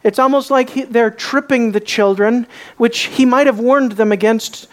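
Slow, emphatic woman preaching a sermon. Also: on the high side. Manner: emphatic, rising and dropping to quiet for effect.

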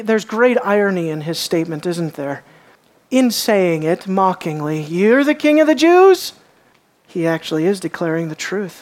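A woman preacher giving an earnest expository sermon, often asking her listeners rhetorical questions and swinging between raised and hushed emphasis. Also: medium pitch.

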